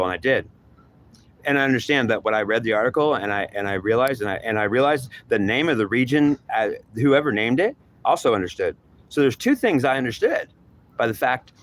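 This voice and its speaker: A man's voice: medium pitch, fairly bright tone, slight background noise. A man talking in a rambling monologue, repeating himself and acting out imagined back-and-forth dialogue.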